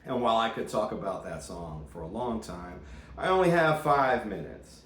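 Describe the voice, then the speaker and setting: A man's voice: fairly low pitch, big pitch swings, normal speed, slight background noise. A man teaching jazz guitar in a casual, chatty way, full of puns and playful asides. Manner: playful, punny, chatty asides between examples. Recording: roomy sound with loud guitar playing.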